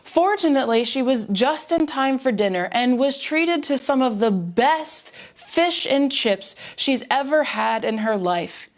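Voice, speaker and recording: A woman tells jokes in a lively, animated storytelling manner at a church service. Her voice sits high. She builds each setup carefully toward the punchline. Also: a little slow, few pauses. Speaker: joke teller at a church service.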